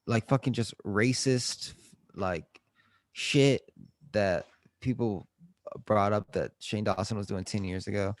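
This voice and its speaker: A young man with a low voice chatting casually on a podcast, cursing freely and joking around. His voice sounds dry and close, with no room echo at all. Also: fairly even intonation, slow pace. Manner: loose and profane, joking. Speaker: podcast co-host. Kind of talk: casual chat.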